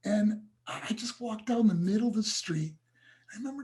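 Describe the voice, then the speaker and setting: His voice sits high and sounds mellow as this animated motivational speaker, a podcast guest on a video call, tells a personal story at a moderate pace. He's sincere and emotional, calling the hosts "guys."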